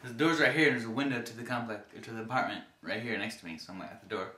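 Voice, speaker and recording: A man casually telling stories to the camera in an animated way, acting out the people he met. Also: mid-range voice, very fast, roomy sound.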